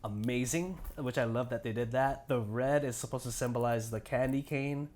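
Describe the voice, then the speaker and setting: A man's voice: mid-range voice, moderate pace, a little mellow. A young man co-hosting a podcast, chatting casually and enthusiastically about shoes, with slangy phrasing and lots of restarts. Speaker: podcast co-host. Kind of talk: casual sneaker chat.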